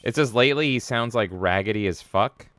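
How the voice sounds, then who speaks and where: Streaming a video game, this man chats in a casual, playful way, swearing freely and reading viewer comments out loud. His voice is on the low side with a fairly bright tone, and he talks a little fast.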